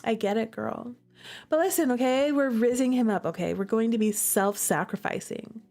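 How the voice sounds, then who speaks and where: A woman's voice: a little high, normal speed, vocal fry, a little mellow. A young woman streaming a visual novel, reading it aloud and reacting in playful, gushing, slangy commentary. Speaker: gaming streamer. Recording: faint music underneath.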